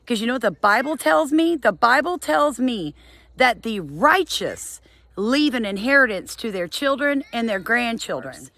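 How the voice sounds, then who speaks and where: A woman's voice: sing-song, measured pace, fairly bright tone, no echo. Woman, middle-aged, vlogger lecturing her audience, exasperated and emphatic, dry close sound. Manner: scolding, exasperated, emphatic with sudden high bursts. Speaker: homesteading vlogger. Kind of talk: impassioned monologue to camera.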